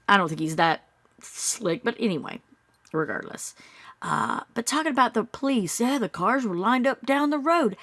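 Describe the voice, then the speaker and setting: Skeptical and reflective, a woman in her thirties chats through a true-crime case, quoting people in squeaky, mocking tones. Her voice is gravelly yet fairly bright and expressive, at a normal speed, on a dry recording.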